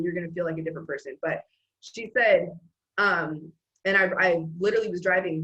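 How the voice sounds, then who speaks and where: A woman's voice: fairly low pitch, highs cut off. Earnest woman giving a motivational talk. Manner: earnest, emphatic, rambling with restarts. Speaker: host.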